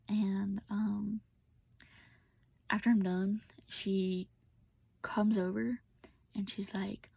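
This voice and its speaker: A woman's voice: mid-range voice, fairly even intonation, moderate pace, vocal fry, dark tone, husky, no room sound. A young woman telling a personal story in a rambling, casual way with lots of filler words, often half-whispered, recorded on a phone. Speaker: vlogger.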